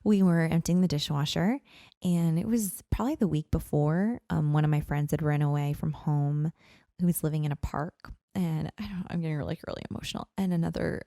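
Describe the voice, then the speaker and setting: A woman in her thirties telling a personal story as a podcast guest, earnest and animated, with lots of "like" and "you know.". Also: low-pitched, vocal fry, no echo, studio quality. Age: 30s.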